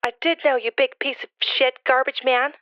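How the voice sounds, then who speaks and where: A woman voices a high-pitched, scornful woman who cuts a man down with blunt curses. The sound is dry and a little muffled, with no room around it. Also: level tone, fairly quick, no echo, natural voice. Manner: cutting, blunt. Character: sharp-tongued woman telling a man off. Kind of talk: comedic podcast role-play.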